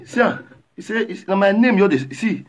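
A man with a Nigerian accent, chatting live and reading viewer comments aloud, animated, often shouting and repeating himself. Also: high voice, fairly quick, noisy background. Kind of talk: casual live-stream chat.

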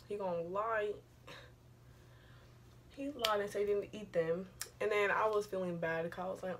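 A woman's voice: medium pitch, steady tone, fairly quick, slight background noise. A young woman vlogger telling a personal story in a casual, rambling, profane way, full of slang.

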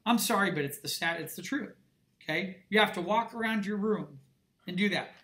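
A man's voice: sits high, normal speed, a bit bright, a little hiss or hum. A middle-aged man, an art instructor, giving a classroom lecture in an emphatic, conversational way and checking in with his students often.

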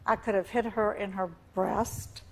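A woman's voice: mid-range voice, fairly even intonation, measured pace, slight background noise. An older woman from Virginia with a Southern American accent, a talk show guest insisting on her denials.

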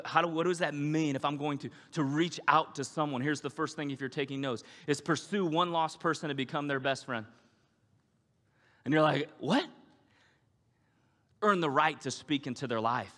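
A man preaching a sermon as a pastor, animated and acting out the voices of the people he quotes. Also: mid-range voice. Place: church sanctuary. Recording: long hall reverb.

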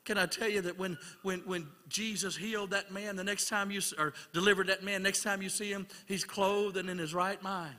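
A man preaching a sermon as an evangelist in a church, building rhythmic repeated questions up toward shouts. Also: sits high, steady tone, fairly quick, few pauses. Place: church sanctuary. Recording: long church hall reverb.

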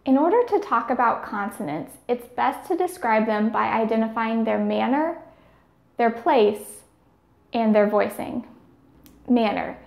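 Woman, speech therapy teacher, slow and careful, gravelly edge, echoey room. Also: fairly high pitch. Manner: slow, careful, demonstrating each sound. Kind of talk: scripted instructional narration.

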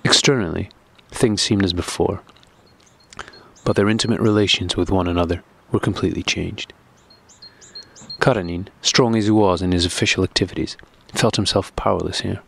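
A man narrating a classic novel audiobook in a steady, measured reading. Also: low-pitched, gravelly, husky, dry recording.

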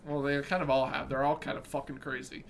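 A man's voice: mid-range voice, flat delivery, fast talker, gravelly, a little hiss or hum. A young man co-hosting a casual podcast, rambling through his ideas with lots of "like" and restarts. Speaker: podcast co-host. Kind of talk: casual chat.

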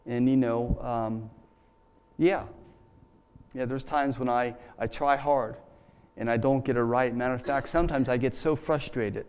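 A man preaches in a church in a relaxed, folksy way. He talks like he is chatting, full of fillers, asides and friendly slang. His voice sits at an ordinary middle pitch. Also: measured pace, clear, resonant tone. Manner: conversational, folksy, with many fillers. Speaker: pastor. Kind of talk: sermon.

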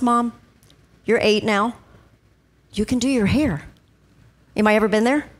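A middle-aged woman pastor preaching a sermon, emphatic and repeating key phrases slowly. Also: sits high, fairly bright tone.

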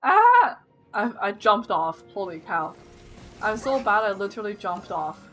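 A young woman streaming a game, thinking aloud and getting loud and excited when things go wrong. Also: mid-range voice, normal speed, soft background music. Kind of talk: live gameplay commentary.

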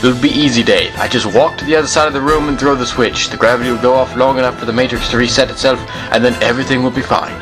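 A man voicing a weary, brave male time traveler in a fan animation, speaking in a calm, matter-of-fact way, with faint music underneath. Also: mid-range voice, quick pace, hardly any pauses, lightly acted. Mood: calm resolve.

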